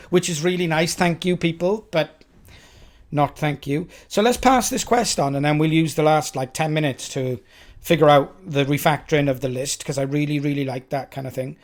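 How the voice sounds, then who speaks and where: A man's voice: a little high, moderate pace. Chatty Welsh man coding live. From Wales. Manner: chatty, self-mocking, talks to chat. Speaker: live-stream coder. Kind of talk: thinking aloud while coding live.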